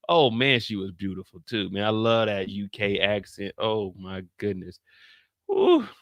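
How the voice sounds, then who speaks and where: A man hosting a live after-show stream, talking casually with a US Midwestern accent, animated and profane, dropping to low mutters and rising to shouted outrage. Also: no room sound, clean studio sound.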